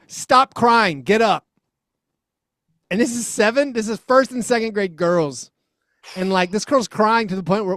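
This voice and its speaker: A man's voice: sits high, no echo, clean studio sound. Chatty man telling a rambling story. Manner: rambling, animated storytelling with fillers. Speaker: podcast co-host. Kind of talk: casual sports chat.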